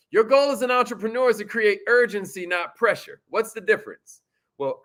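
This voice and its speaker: A man teaching sales follow-up in a casual, energetic, slangy manner, talking straight to his viewers. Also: high voice. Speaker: sales coach. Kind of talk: motivational teaching talk.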